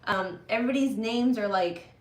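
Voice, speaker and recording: A woman's voice: medium pitch, fairly quick, reverberant, a little hiss or hum. Chatty woman on a home livestream. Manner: chatty, reading out comments. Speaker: co-host. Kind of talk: casual livestream chat.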